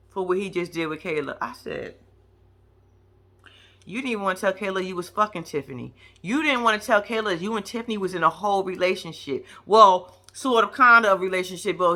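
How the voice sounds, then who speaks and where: A woman giving brash, profane, animated commentary on a reality show. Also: medium pitch. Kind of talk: casual reaction commentary.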